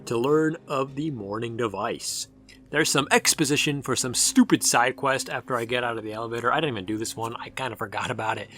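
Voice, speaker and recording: A man's voice: mid-range voice, a little fast, music in the background. A man narrating a sarcastic game review, ranting and exasperated. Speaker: gaming video reviewer.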